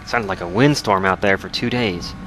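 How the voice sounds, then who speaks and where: Man reading as a bitter lone survivalist: deep, clipped fragments, faint Southern drawl. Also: normal speed, background noise, natural voice. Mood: weary. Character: grieving lone male survivalist, hardened and bitter.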